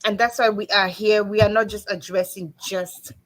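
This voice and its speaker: Lively laughing woman hosting a livestream. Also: medium pitch, moderate pace. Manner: lively, laughs often, chatty. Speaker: online show host. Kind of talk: casual livestream chat.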